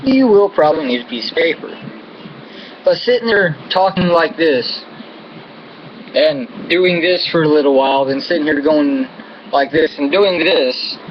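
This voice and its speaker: This American vlogger's fairly high voice is animated yet a little slow as he rants angrily about politics to camera, profane and full of insults and contempt. You can hear air-conditioning hum in the dull, lo-fi audio.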